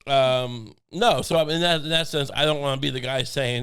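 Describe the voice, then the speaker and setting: A young man co-hosting a podcast, talking in a rambling, deadpan comic way with many restarts. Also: medium pitch, brisk, smooth. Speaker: podcast co-host. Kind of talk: casual comedic chat. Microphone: studio podcast mic.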